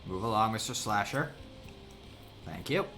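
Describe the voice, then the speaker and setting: A man's voice: on the low side, animated, a little slow, pushed and bright, soft background music. A man streaming a game, giving chatty, self-deprecating live commentary and laughing at his mistakes.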